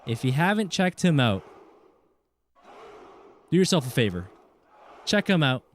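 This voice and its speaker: Here the streamer's voice is a little high, with big pitch swings and a slightly slow delivery, over a faint hiss or hum. A friendly man with a British Columbian Canadian accent, he chats during gameplay, names and thanks viewers, and restarts his words amid game music and gunfire.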